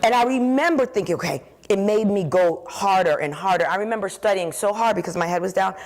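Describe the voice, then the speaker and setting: A woman giving a conference keynote on stage, telling her story with animated energy and acting out the voices in her head. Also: mid-range voice, fairly quick. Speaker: keynote speaker.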